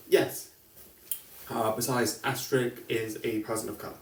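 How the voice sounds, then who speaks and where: A man's voice: medium pitch, brisk, darkish tone. Rambling man reviewing a film. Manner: rambling, self-correcting, laughs often. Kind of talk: casual spoken film review. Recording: echoey room, distant mic.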